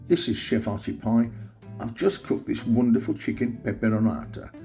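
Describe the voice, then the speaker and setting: A man runs a home cooking demonstration in a mellow, relaxed voice, explaining each step in a chatty, upbeat way. Soft guitar music plays quietly behind him. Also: medium pitch, normal speed, creaky. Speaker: cooking show host.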